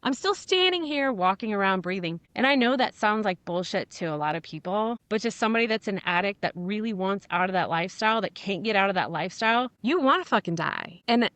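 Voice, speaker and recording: A woman speaks on a podcast in a candid, blunt way, swearing freely and acting out what other people said as she tells her story. Her voice sits at a middling pitch. The sound is dry and close, with no room echo. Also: a little fast, hardly any pauses. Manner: blunt, profane, animated retelling with quoted dialogue. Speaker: podcast guest.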